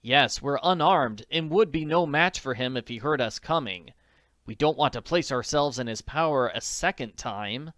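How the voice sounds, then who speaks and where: A man's voice: medium pitch, lively intonation, moderate pace, a bit bright, no room sound, clean studio sound, lightly acted. A man reading an audiobook, voicing an ailing, distressed middle-aged man in a pleading, overwrought manner. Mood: distraught. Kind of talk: audiobook character voice.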